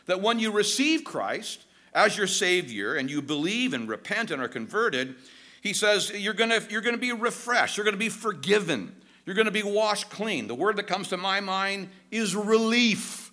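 A man preaching a sermon, emphatic and animated, often dropping his voice low for key words. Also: normal speed. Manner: emphatic, animated preaching with dramatic drops in pitch. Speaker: pastor.

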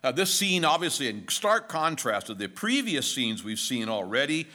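A man's voice: medium pitch, big pitch swings, moderate pace, sharp tone. A middle-aged male pastor giving an expository sermon in a conversational way, mixing jokes and stories into the teaching.

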